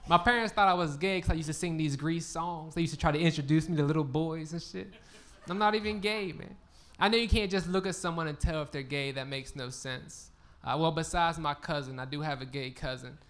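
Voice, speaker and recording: A man's voice: a little high, fairly quick, a bit bright. A man doing a crude, punchy stand-up comedy set on a live stage. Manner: punchy, crude, laid-back delivery. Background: audience laughter.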